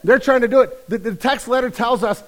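A man's voice: very high-pitched, brisk, low-quality recording. A man pastor preaching a conversational, humorous sermon, telling the story with acted-out voices. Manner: lively storytelling, acts out quoted voices.

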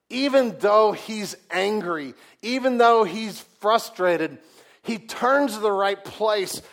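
Chatty, higher-voiced male pastor preaching. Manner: conversational, rhetorical questions to the congregation; folksy, humorous asides. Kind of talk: sermon.

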